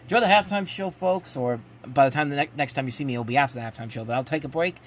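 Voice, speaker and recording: A man hosting a live rewatch, giving excitable play-by-play commentary with frequent restarts. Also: medium pitch, quick pace, slight background noise. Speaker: host live-reacting to a football game. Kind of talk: casual live sports commentary.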